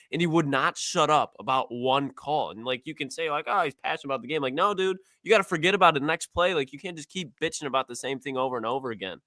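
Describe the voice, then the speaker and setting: Fast-talking blunt sports talk man. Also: fairly high pitch, fairly bright tone, dry recording. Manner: fast, blunt, says "like" a lot. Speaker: co-host.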